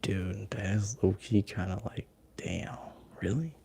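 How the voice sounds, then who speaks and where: A young man hosting a Reiki live stream, chatting with viewers in a relaxed, slangy half-whisper. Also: on the low side, a little slow, gravelly, slight background noise. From United States.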